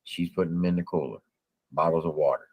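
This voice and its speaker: A man's voice: rumbling low, steady tone, fast talker, breathy edge, dry recording, narrow, tinny audio. A man telling a story in casual talk, recounting events step by step in a blunt, drawling way. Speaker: storyteller guest.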